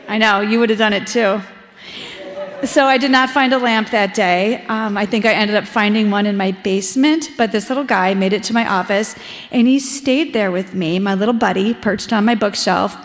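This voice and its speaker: A woman in her forties from Ohio giving a personal testimony in a church service, conversational and reflective with frequent ums. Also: mid-range voice. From Ohio, USA. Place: church sanctuary. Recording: echoey church hall with long reverb.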